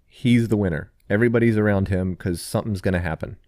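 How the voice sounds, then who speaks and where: A man's voice: fairly low pitch, fast, a little mellow, no echo, studio quality. A man co-hosting a podcast in casual chat, easygoing and enthusiastic. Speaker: podcast co-host.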